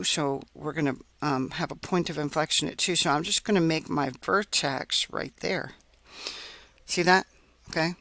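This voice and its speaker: A man's voice: a little high, creaky, sharp tone, no room sound. A man teaching a recorded math lesson, explaining step by step as he works on a graph and checking in often with "right?" and "okay?".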